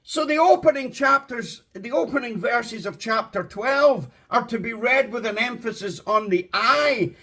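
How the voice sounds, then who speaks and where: High-voiced man preaching slowly. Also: expressive. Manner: impassioned, rising to shouts; slow, drawn-out emphasis. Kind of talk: sermon.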